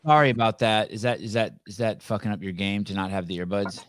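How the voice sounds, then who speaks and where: A man hosts a casual live podcast on a video call. His voice sits low and sounds close and dry, with little room around it. He talks bluntly, jokes a lot and swears freely. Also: steady tone, quick pace, a bit bright, clean tone, no echo. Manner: blunt, profane, joking. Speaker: podcast host.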